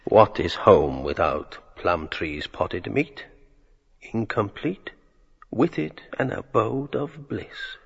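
Drifting inner thoughts, very deep, gravelly, raspy, half-whispered. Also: male voice, sing-song, slow pace, heavily acted. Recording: dull lo-fi radio drama recording.

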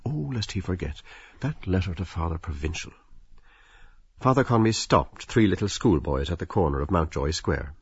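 A man narrating a literary audiobook in a measured, wry and expressive storytelling manner. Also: deep voice, husky, no echo, lo-fi sound.

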